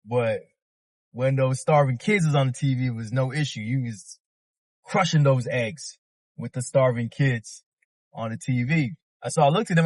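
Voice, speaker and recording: A man's voice: mid-range voice, normal speed, a little mellow, no room sound. Slangy laid-back guy in his 30s telling a story, regular middle voice, dry close mic. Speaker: vlogger. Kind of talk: casual storytelling monologue.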